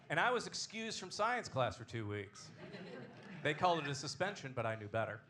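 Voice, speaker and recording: A man hosting a comedy show, doing a stand-up set with a deadpan, self-deprecating delivery on a club stage. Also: on the high side, fast talker, crowd noise.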